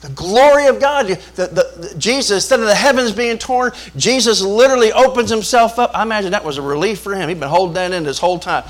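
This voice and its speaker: A pastor preaches with a bright, fairly high male voice. He hammers each point through repetition and call-and-response, and breaks it up with jokes. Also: quick pace, few pauses. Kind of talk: sermon.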